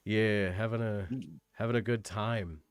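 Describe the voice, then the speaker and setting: A man's voice: fairly low pitch, steady tone, a little slow, clean tone, dry recording, studio quality. A young man from Eastern Canada streaming, chatting casually on a call, rambling and self-deprecating with lots of fillers. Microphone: desk microphone.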